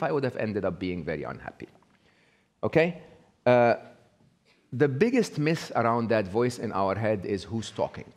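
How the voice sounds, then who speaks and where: A man's voice: mid-range voice, very animated, moderate pace, a little mellow. A man with an Egyptian accent giving a live talk to an audience, asking them questions and acting out an inner voice, with many fillers and restarts. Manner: interactive, asks the audience questions; acts out the inner voice in quotes.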